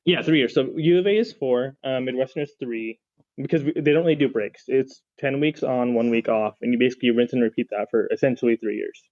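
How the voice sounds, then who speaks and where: A young man chats casually and rambles through a long personal story, full of "like" and false starts. His voice sits at an ordinary pitch, and the audio is a little dull and lo-fi. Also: brisk. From Phoenix, Arizona. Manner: rambling, filler-heavy storytelling with many restarts. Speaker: podcast panelist, pharmacist.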